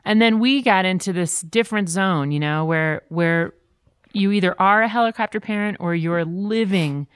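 A middle-aged woman talking candidly in a podcast conversation, telling stories with lively quoted voices. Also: mid-range voice, normal speed, smooth, no room sound.

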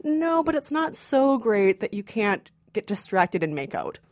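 Woman co-host, animated pitch, dry close sound, playful banter. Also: unhurried, no echo. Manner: bantering, laughs often. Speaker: podcast co-host. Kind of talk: casual movie chat.

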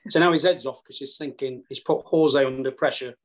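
A man with a Yorkshire accent, a golf caddie guest telling lively stories with casual swearing. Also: mid-range voice, a little fast. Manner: animated, earthy, casual swearing. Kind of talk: storytelling chat.

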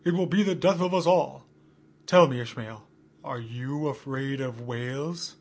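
A man's voice: medium pitch, a little slow, husky. A man playing a stern ship's first mate who demands that his crew fear whales. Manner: stern, commanding.

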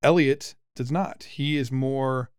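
A middle-pitched man in his forties talks in a relaxed podcast chat. He is lively and teasing, with plenty of stops and restarts. The sound is dry and close to the mic. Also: takes it slowly, smooth, dry recording. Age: 40s. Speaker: podcast host, father. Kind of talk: casual conversational podcast.

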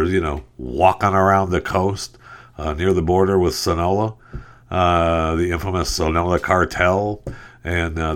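A man's voice: low-pitched, a bit bright. A middle-aged man hosting a podcast, rambling through news stories with sarcastic asides and lots of fillers. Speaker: podcast host. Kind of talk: casual news commentary.

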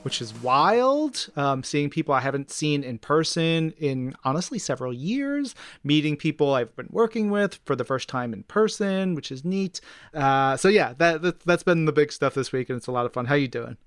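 A man hosting a podcast in casual chat, relaxed and chatty with plenty of fillers. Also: on the high side, moderate pace, smooth, dry recording, studio quality. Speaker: podcast host.

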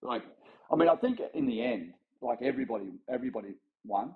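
This Australian man in his forties talks fast in a mid-range voice, his sound phone-quality. As a casual interview guest, he spins lively anecdotes, acts out quoted voices, and peppers his speech with fillers and restarts.

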